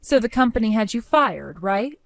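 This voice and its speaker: A woman telling a scripted story in a cool, measured, matter-of-fact way. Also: on the high side, sing-song, vocal fry, fairly bright tone, dry recording. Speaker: narrator.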